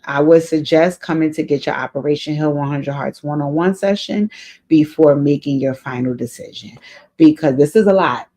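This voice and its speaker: A woman's voice: sits low, warm tone. Earnest woman advice host, repeating herself. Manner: earnest, repeats key phrases, emotional. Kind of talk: advice vlog addressing a letter writer.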